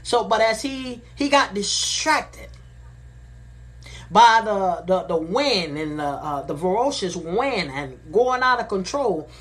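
A woman delivers a sermon at an unhurried, measured pace. She reads verses aloud, then goes back over them, repeating key phrases and restating them in everyday language. Her voice sits at an ordinary middle pitch for a woman. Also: expressive, a bit bright. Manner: slow and deliberate, repeating phrases; paraphrases verses in plain modern words. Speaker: preacher. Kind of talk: sermon, reading and explaining scripture.

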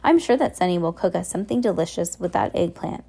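A fawning contortionist henchwoman soothes her boss in this storybook reading, voiced by a woman. The voice is low and mellow, with a soft, dark tone. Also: animated, fast, vocal fry, slightly rough, exaggerated voice. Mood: soothing.

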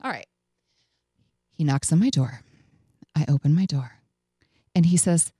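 Eine Frau, Moderatorin einer Radiosendung, die locker und lebhaft eine persönliche Geschichte erzählt und Zitate mit Lachen nachspielt. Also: female voice, fairly low pitch, slow, pauses often, slightly rough, dry recording. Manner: animated, acts out quotes with laughs. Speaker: radio show host. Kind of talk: casual storytelling chat.

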